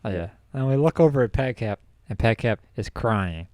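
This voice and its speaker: A man's voice: mid-range voice, animated, moderate pace, warm tone, a little hiss or hum. Young man laughing through a story. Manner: laughs often, acts out quotes. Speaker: podcast co-host. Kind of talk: casual storytelling chat.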